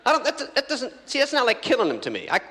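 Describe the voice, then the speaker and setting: A stand-up comedian with a very high-pitched, bright, forceful voice talks quickly with huge pitch swings, rambling through stories and acting out scenes on a large theatre stage before an audience. It's a reverberant live theatre recording from 1984.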